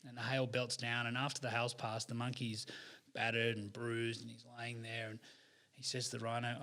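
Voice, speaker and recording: A man in a relaxed podcast chat, retelling a kids' story with chatty energy. He talks in animated bursts full of fillers and restarts, with a voice of middling pitch. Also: a little fast. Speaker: podcast guest, author. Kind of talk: casual storytelling in conversation.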